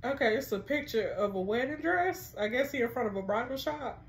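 Animated, laughing woman host commenting on a story. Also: on the high side, fairly quick. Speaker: host reacting to a text story. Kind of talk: casual commentary on a text story. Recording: roomy echo.

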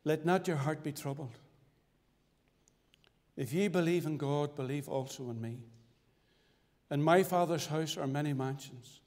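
A man from Northern Ireland giving his testimony as a sermon, with fervent preaching that swings sharply between loud and hushed. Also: a little high, unhurried, pauses often. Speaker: testimony speaker at a church. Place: church hall. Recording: church recording with long reverb.

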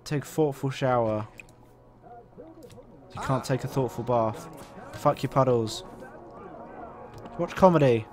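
A young man casually commentating his gameplay, swearing a lot, getting excited and reading game options aloud. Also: medium pitch, slow, long pauses, faint music behind. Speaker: let's play host.

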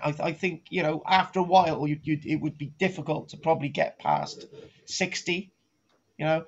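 A man's voice: high-pitched, lively intonation, normal speed. Guy rambling through a jokey archaeology class, keeps saying right, dull lo-fi sound. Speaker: archaeology teacher. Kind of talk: comic online lecture.

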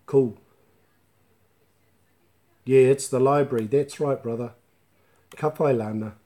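A man's voice: medium pitch, slow. Easygoing New man teaching Māori. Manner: mixes Māori words into relaxed chatty English; laughs easily and jokes with viewers. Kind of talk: live online language class.

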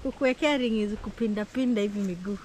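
A woman's voice: mid-range voice, quick pace, a little mellow. A Kenyan woman chatting casually with her husband outdoors, giving short answers in English mixed with Swahili. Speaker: vlogger's wife. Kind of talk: casual chat. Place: outdoors on a farm.

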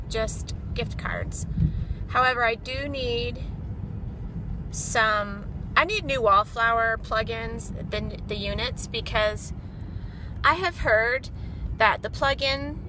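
A woman's voice: a little high, noisy background. A woman chatting casually and rambling through her day for a vlog, filmed on a phone in a car. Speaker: vlogger. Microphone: phone camera.

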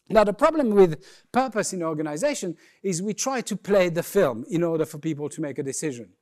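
Male keynote speaker, fairly high voice, jokey and conversational, on stage. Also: a little mellow. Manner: jokey, conversational, playful asides. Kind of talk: humorous keynote talk. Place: conference stage.

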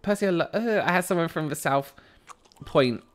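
A man's voice: fairly high pitch, normal speed. Chatty male game streamer, casual and rambling, restarts sentences a lot. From West Country, England. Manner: chatty and rambling, often breaking off mid-sentence. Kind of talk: casual chat while gaming.

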